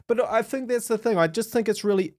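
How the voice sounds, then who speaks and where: A man co-hosting a movie podcast, opinionated and animated, swearing casually as he chats. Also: high-pitched, fast. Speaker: podcast co-host. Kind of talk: casual movie-review chat.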